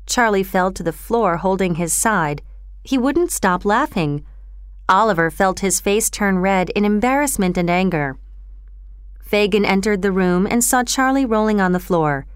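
A woman reading a storybook chapter aloud in a calm, even storytelling manner. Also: medium pitch, moderate pace, clear, resonant tone, no echo, clean studio sound. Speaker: narrator.

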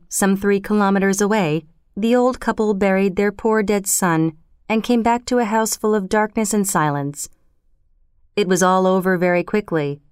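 A woman narrating a storybook chapter in a measured, expressive way. Her voice is smooth and clear, recorded close and dry, at a middle pitch. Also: dry recording. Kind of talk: audiobook narration.

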